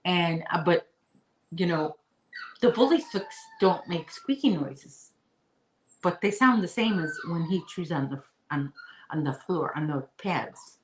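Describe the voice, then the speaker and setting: Woman crochet vlogger, lower voice, casual chat, rambling, echoey room. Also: lively intonation, measured pace, slight background noise. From Chicago area. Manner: chatty and rambling, talks to her puppy in a high baby voice. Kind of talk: casual chat to live viewers.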